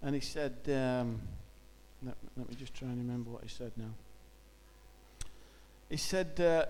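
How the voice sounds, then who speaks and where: A man's voice: mid-range voice, unhurried, long pauses, a little mellow, big-room sound. A man giving an informal church talk, speaking conversationally and hesitantly with many fillers.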